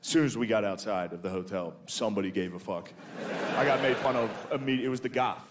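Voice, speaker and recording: A man's voice: fairly low pitch, fast talker. A man doing a stand-up comedy set on a club stage, telling rambling, profane, self-deprecating stories into a handheld mic.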